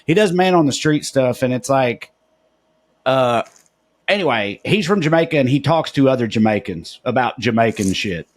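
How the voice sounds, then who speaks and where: A man from Tennessee with a Southern accent, co-hosting a podcast in rambling, halting casual talk. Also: medium pitch, lively intonation. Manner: rambling, halting, restarts thoughts. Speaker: podcast co-host.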